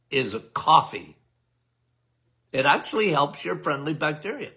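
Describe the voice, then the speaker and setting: A man's voice: a little high, very animated, a little slow, sharp tone. An older man hosting a live health Q&A, talking in a folksy, emphatic way and checking in with "okay?" over and over. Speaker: health show host answering viewer questions. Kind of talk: casual live Q&A.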